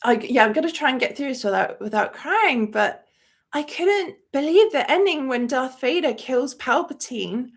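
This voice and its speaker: A woman's voice: high voice, lively intonation, moderate pace, breathy edge. A woman hosting a movie channel in a live-stream chat, talking emotionally and rambling with many fillers. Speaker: host of a movie review channel.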